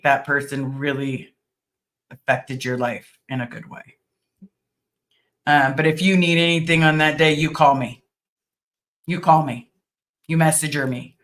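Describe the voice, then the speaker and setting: A woman's voice: low voice, a bit bright. A middle-aged woman hosting a casual livestream, reading viewer comments aloud and answering them in an earnest, thankful way with frequent ums. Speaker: livestream host.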